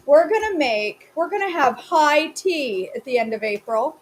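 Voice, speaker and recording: A woman's voice: sits high, expressive, normal speed, few pauses, noisy background. A woman hosting a live cooking class from her home kitchen, chatting casually and answering viewer comments as she cooks.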